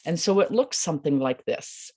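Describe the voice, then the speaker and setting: A woman teaching a meditation practice, speaking in a calm, unhurried and gentle way. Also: deep voice. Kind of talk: instructional talk.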